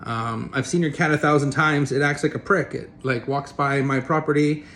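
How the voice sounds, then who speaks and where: A man's voice: a little high, steady tone, moderate pace, a bit bright, a little hiss or hum. A man giving a casual, rambling opinion rant as a vlogger, blunt and swearing freely.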